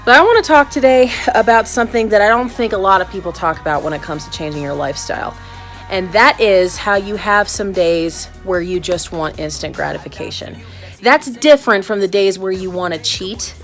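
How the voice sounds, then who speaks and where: A woman's voice: medium pitch, a little fast, soft background music. A woman talking to her viewers in a chatty, upbeat and candid video diary. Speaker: vlogger.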